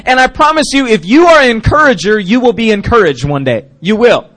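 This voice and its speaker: A man's voice: high-pitched, sing-song, a little fast, fairly bright tone. A man preaching a casual youth sermon at a church service, chatty and jokey, with frequent restarts. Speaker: youth pastor.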